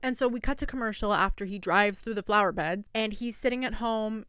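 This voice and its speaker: A woman's voice: mid-range voice, fairly quick, very noisy. A young woman recapping a reality show in casual, sarcastic commentary. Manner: chatty and sarcastic, quotes people in mock voices. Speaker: recap vlogger.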